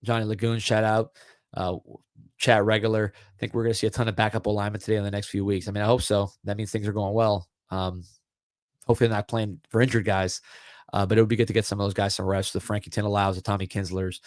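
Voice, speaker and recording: Fast-talking man on a sports podcast. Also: fairly low pitch, no echo, studio quality. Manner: relaxed, chatty, repeats words while thinking. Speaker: podcast host. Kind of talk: casual live-stream sports chat.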